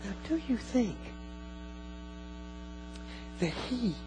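A man preaching a sermon as pastor, earnest, repeating phrases and slowing down for emphasis. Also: extremely high pitch, very animated, music in the background, rough recording.

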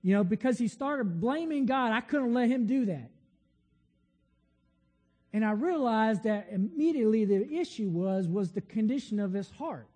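A man's voice: sits high, lively intonation, moderate pace, warm tone, big-room sound, soft background music. A man preaching a sermon in a conversational, storytelling way with frequent restarts.

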